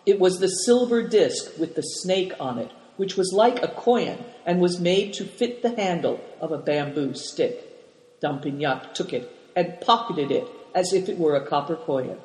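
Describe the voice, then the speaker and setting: A man narrates a story in a measured, steady manner. His voice sits fairly high, and the recording is roomy with a long reverb trailing each phrase. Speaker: audiobook reader. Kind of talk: scripted narration.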